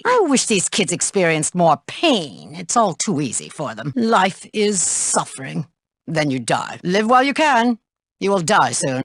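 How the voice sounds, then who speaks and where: An actress voicing a sadistic, bossy school nurse in a video game, snippy and theatrical, shifting from sugary to menacing. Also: female voice, lowish voice, no room sound, studio quality, heavily acted. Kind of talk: game voice acting.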